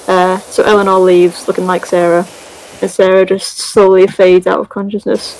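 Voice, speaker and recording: A woman chatting casually as she recaps a story over gameplay, rambling and full of fillers and little giggles. Her voice sits at a medium pitch for a woman. A faint hiss runs underneath. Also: flat delivery, moderate pace, darkish tone, rough recording. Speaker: gaming video creator.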